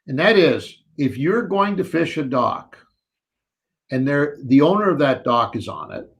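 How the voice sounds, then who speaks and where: A man's voice: on the high side, lively intonation, measured pace. A man co-hosting a live fishing show, chatting animatedly and reading out viewer questions.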